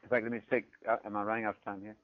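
A man's voice: on the low side, racing, dry recording. Guy lecturing on theology, keeps asking right?, muffled dry sound. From Britain. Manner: animated, often checks in with "right?". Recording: dull, dry lo-fi recording.

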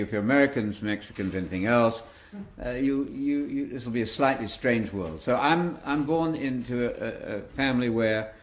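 Older English man, guest speaker, wry storyteller with audience asides. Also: mid-range voice. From England.

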